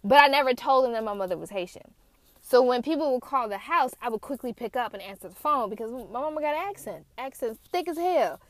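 A woman's voice: high voice, lively intonation, fast talker, no echo. A woman from the United States telling personal stories in a casual, candid way, swearing now and then, talking from a car. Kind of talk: casual storytelling.

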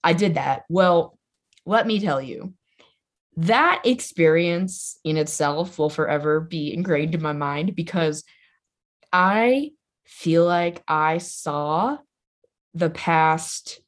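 A young woman speaks as a guest on a podcast, her voice sitting a little on the low side. She talks loosely and casually, with a constant "like" and plenty of swearing. Her manner is loud, playful and bluntly honest. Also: slow. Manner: chatty, says "like" constantly, swears freely. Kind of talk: casual conversation.

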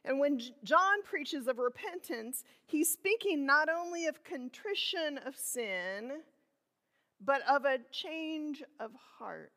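A woman pastor preaching a sermon, slow and reflective, asking her listeners questions. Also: high voice, expressive, sharp tone, big-room sound.

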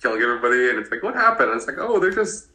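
A man's voice: mid-range voice, racing. A man co-hosting a podcast, casually recapping an episode and jokingly quoting the characters. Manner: lively, quotes characters in a joking way. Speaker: podcast co-host. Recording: roomy echo.

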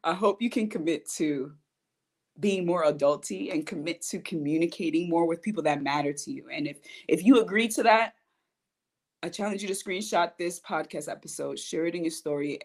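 A woman in her thirties speaks to her podcast audience in a personal motivational talk. She is earnest and emphatic. Her delivery swings between quiet, soft moments and loud, forceful lines. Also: lowish voice, a little fast. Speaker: podcast host.

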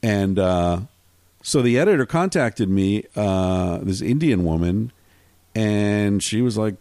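A man telling a story as a podcast guest, animated and swearing freely, often acting out what people said. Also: lowish voice, unhurried, no room sound. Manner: animated, swears freely, acts out quoted dialogue. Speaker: podcast guest, travel writer. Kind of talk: casual storytelling chat.

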